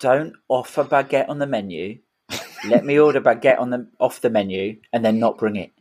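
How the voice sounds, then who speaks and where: A man's voice: mid-range voice, moderate pace, darkish tone. A man co-hosting a podcast, tipsy and ranting with mock outrage in casual chat. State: drunk. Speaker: podcast co-host.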